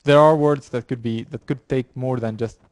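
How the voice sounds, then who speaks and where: A man's voice: mid-range voice, steady tone, darkish tone, smooth, no echo. A man lecturing a university class, explaining with frequent fillers, repeated words and restarts. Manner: halting, many fillers and restarts. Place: lecture room.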